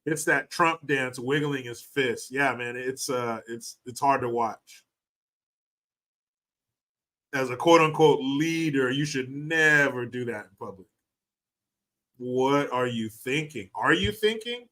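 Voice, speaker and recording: A man's voice: mid-range voice, a little slow, sharp tone. A man hosting a livestream and commenting in a mocking, profane, casual way. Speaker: livestream host.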